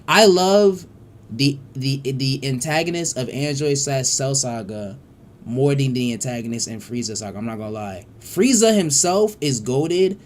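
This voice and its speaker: A man giving casual reaction commentary as a streamer, excitable, profane and rambling with frequent restarts. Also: medium pitch, a little hiss or hum.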